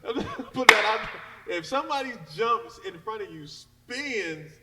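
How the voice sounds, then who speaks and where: Animated man telling a story, far mic. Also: high-pitched, normal speed. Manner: animated storytelling, laughs a lot, loud acted shouts. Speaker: podcast co-host. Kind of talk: casual chat. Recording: distant mic with background noise.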